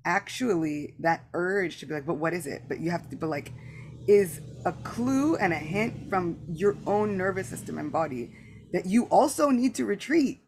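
A woman's voice: on the low side, lively intonation, normal speed, a little mellow, slight background noise. A woman hosting a spiritual podcast, talking in an earnest, reflective way with lots of casual "like" asides, and often acting out both sides of remembered conversations. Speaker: podcast host. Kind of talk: candid spiritual podcast talk.

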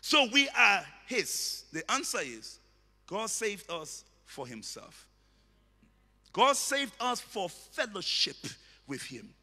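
A man preaching a sermon, emphatic and repetitive, bursting into shouted words. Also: sits high, big pitch swings, slow pace, husky, in a large hall. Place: church hall.

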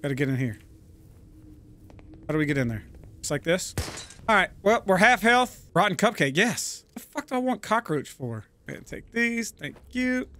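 A man giving casual, profane gameplay commentary, prone to loud excited outbursts. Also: high voice, normal speed. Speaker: gaming YouTuber.

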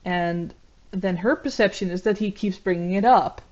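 A woman commentating on a video, talking in a measured, reflective way with frequent ums and uhs. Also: mid-range voice, darkish tone, lo-fi sound. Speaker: YouTube commentator. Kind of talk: analytical commentary.

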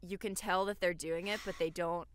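A woman's voice: on the low side, a little fast, dry recording. A woman co-hosting a casual podcast chat, eager and upbeat in her talk. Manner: eager, upbeat, animated asides. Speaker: podcast co-host.

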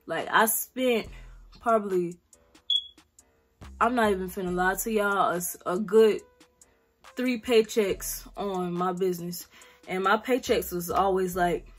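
Young woman, late teens, South Carolina accent, casual Q&A vlog, blunt, slangy, mid-pitched voice. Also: a bit bright. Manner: blunt, slangy, swears freely. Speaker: vlogger.

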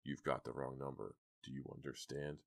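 A man voicing a gruff, menacing man who growls curtly into a phone in an audiobook. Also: rumbling low, flat delivery, normal speed, no room sound, studio quality, full character voice. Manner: growling, curt.

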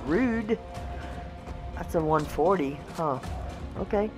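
A woman hosting a casual let's-play, chatting to the animals in her game in a coaxing, excitable way. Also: on the low side, slow pace, over music. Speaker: gaming channel host.

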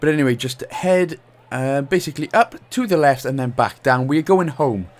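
A man's voice: fairly high pitch, expressive, normal speed. A young man with a Welsh accent talks through a game walkthrough in a chatty, cheeky way, joking and laughing as he plays. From Wales. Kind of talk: casual gameplay commentary.

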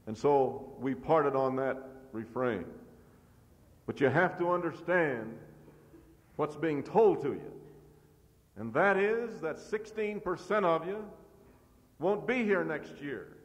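Middle-aged man, slightly high voice, pounding rhetoric at a podium; old cassette from an echoing hall. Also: measured pace, long pauses. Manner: forceful, repetitive rhetoric. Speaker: farm organization leader. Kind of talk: convention speech. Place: large convention hall.

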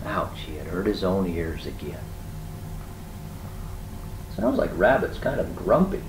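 Man reading aloud to kids, chatty, low and animated, faint rumble behind. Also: measured pace, pauses often, reverberant, low-quality recording. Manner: chatty asides to young listeners. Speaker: storyteller. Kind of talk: reading a picture book aloud.

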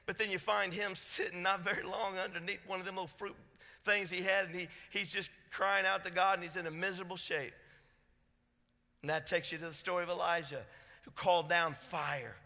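A pastor preaching a sermon, swinging between loud, fervent passages and hushed, intense ones. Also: male voice, sits high, fairly even intonation, fairly quick. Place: church sanctuary. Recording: church sanctuary reverb.

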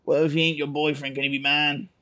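A man voicing a brash, deep-voiced trailer-park mother who nosily teases her daughter's friend in a game reading. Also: level tone, fast talker, pushed and bright. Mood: brash teasing. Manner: brash, teasing, nosy.

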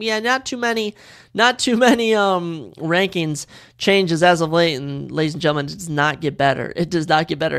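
A man's voice: on the high side, creaky. A young man from Minnesota hosting a podcast, chatting casually and giving strong opinions, often repeating phrases for emphasis. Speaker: podcast host. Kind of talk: casual solo podcast chat.

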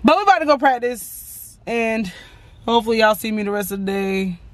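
A woman's voice: on the high side, animated, fairly quick. A woman vlogging casually about her day on a phone held at arm's length, chatty and rambling, often exasperated. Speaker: vlogger and lash technician. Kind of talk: casual selfie vlog.

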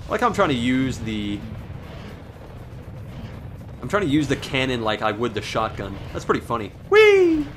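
A man giving profane, sarcastic, excitable commentary over his own gameplay. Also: mid-range voice, normal speed, pauses often, soft background music. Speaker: gaming commentator. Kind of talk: let's play commentary.

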